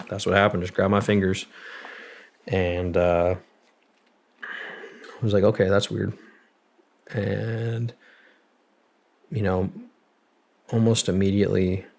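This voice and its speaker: Gravelly low-voiced young man telling a story. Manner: casual and profane, acting out quotes with lots of fillers. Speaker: guest. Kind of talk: storytelling in a long-form interview.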